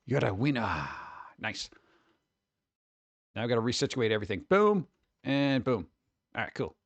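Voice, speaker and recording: A man hosting a casual livestream, chatting with viewers in a jokey, excitable way, with sudden exclamations. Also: mid-range voice, moderate pace, no echo, highs cut off. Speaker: livestream host.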